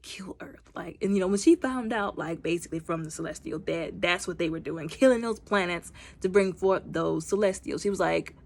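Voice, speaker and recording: A movie reviewer gives a casual recap in a lowish, slightly mellow woman's voice, talking fairly quickly with hardly any pauses. She's chatty and informal, full of fillers, says "y'all," and acts out the characters' lines.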